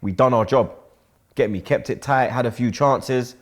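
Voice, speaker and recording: A man's voice: mid-range voice, moderate pace. London man, slang-heavy football banter. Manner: heavy slang, keeps asking "you get me", laughs often. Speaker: regular pundit.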